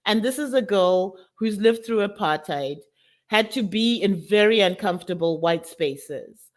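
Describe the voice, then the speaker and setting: A woman with a college-age daughter, from South Africa, speaking candidly and with emotion as a summit speaker, often calling her audience "guys". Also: medium pitch. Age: adult with college-age daughter. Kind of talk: personal testimony talk.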